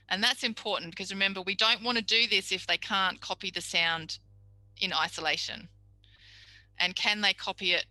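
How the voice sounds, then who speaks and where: Bright, chatty woman tutor. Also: on the low side, no echo, poor audio. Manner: chatty, practical, acts out little quoted exchanges. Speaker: speech pathology tutor. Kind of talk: recorded tutorial lecture.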